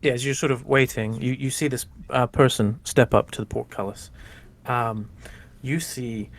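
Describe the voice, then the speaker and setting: A man's voice: medium pitch, steady tone, normal speed. A man narrating a tabletop role-playing game as game master, rambling casually with many fillers.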